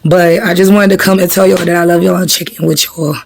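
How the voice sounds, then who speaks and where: A woman, chatting casually to her viewers in a vlog, tired and a little hoarse. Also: on the low side, steady tone, fairly quick, a little mellow. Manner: chatty, addresses viewers as y'all. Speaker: vlogger.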